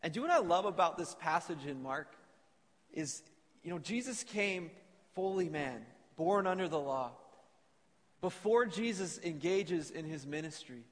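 A man's voice: a little high, lively intonation, normal speed. A man preaching an earnest sermon to a congregation and reading scripture aloud in a church. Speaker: pastor. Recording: long reverb of a church hall.

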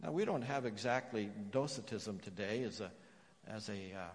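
Pastor preaching in a reverberant hall. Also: male voice, on the low side, animated, moderate pace. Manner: emphatic, with hushed repeated phrases. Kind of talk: sermon. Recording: long reverb of a church hall.

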